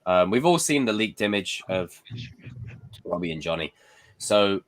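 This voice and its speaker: A man's voice: low-pitched, expressive, unhurried, dry recording. A man co-hosting a casual podcast, laid-back and thinking aloud. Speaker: podcast co-host. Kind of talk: casual chat.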